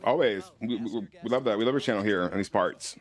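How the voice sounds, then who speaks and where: A man's voice: lowish voice, quick pace. A man livestreaming, chatting casually and playfully with his viewers in a rambling way. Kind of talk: casual chat over a live broadcast.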